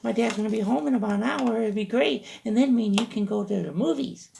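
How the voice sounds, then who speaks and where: A man's voice: quick pace, gravelly, darkish tone, a little hiss or hum. A man playing an eager teenage girl. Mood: pleading. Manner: high, sing-song falsetto.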